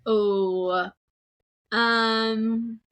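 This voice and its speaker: A woman's voice: fairly high pitch, steady tone, drawn-out words, fairly bright tone. A young woman guest on a podcast, candidly telling a story about a relationship, with many "like" fillers and laughs mixed in.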